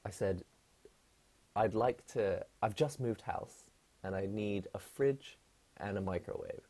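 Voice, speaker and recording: A man's voice: on the low side, slow pace, dark tone. A man chatting casually on a live stream from his apartment, rambling and laughing often.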